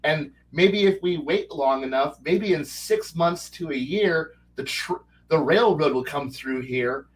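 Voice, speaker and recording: Man, podcast guest, rambling and animated, somewhat high voice, a bit off-mic. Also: far from the mic, a little hiss or hum, rough recording. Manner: rambling with many false starts and restarts; animated, breaks into quick character voices. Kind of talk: casual chat.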